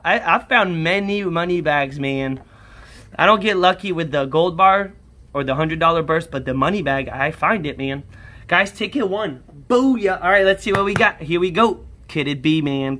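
Scratching lottery tickets on his vlog, a young man keeps up a chatty, excited running commentary. He leans on catchphrases like "holy smokes" and "booyah," and a win brings out high-pitched shouts and sing-song yells.

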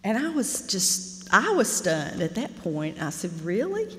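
A middle-aged woman, telling a candid, animated story while teaching a fiction master class. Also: fairly low pitch, a little slow. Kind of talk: storytelling lecture. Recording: reverberant lecture hall.

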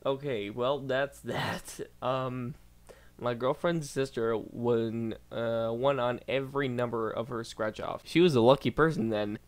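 A man's voice: mid-range voice, steady tone, a little slow. A man doing casual reaction commentary as a YouTuber, reading posts aloud, stumbling over words and bursting out in disbelief.

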